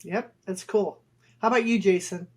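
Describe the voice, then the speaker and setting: Mãe hesitante, falando com muitas pausas. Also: female voice, mid-range voice, husky. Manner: hesitant, rambling with many fillers. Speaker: guest, mother of the hosts. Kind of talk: casual chat.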